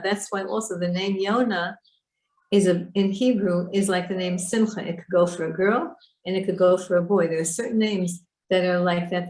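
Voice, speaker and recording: A woman's voice: lowish voice, a little mellow. Woman teaching a Torah class, echoey room. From Israel. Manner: explains Hebrew words, asks students questions.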